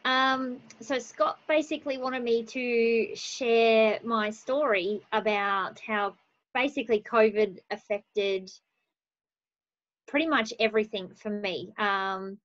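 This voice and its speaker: An Australian woman telling her own story on a video call, relaxed and unhurried with many pauses. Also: fairly high pitch, dry recording. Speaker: guest speaker, business owner. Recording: dry dull lo-fi call audio.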